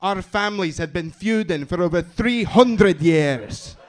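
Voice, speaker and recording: A man doing a booming, grand Scottish voice. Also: animated, a little slow. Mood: grandiose. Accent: put-on Scottish.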